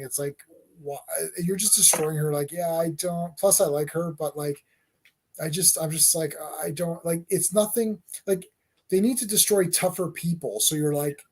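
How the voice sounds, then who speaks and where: Rambling man with a slightly high voice. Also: a little mellow. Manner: rambling, halting, repeats words. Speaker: podcast co-host. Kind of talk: casual chat reviewing wrestling.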